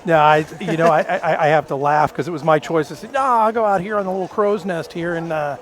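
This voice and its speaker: A man doing color commentary and running the camera at an outdoor football game, rambling with halting restarts. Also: on the high side. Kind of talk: local sports commentary. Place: outdoor camera platform in the rain.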